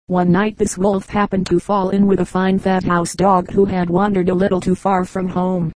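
A narrator reading fables aloud in an even, measured storytelling manner. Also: mid-range voice, dry recording, low-quality recording. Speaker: audiobook narrator.

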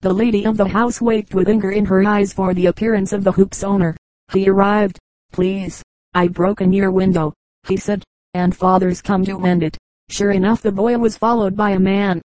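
A woman's voice: mid-range voice, warm tone, dry recording, poor audio. Woman reading a humor audiobook, dry sound. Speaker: audiobook reader.

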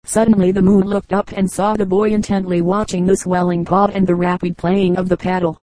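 Calm, even-voiced woman reading folk tales. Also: fairly low pitch, fairly quick, no echo, poor audio. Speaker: audiobook reader. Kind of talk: scripted narration of folk tales.

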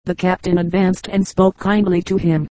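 A woman reads a story aloud in a steady, even narration. Her voice sits low and mellow, with little change in pitch. The sound is close and dry. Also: normal speed, dry recording, poor audio. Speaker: audiobook reader. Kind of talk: scripted narration.

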